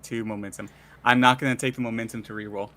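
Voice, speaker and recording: A man playing in a tabletop game, speaking in quick, hesitant bursts. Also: mid-range voice, steady tone, pushed and bright. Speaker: player.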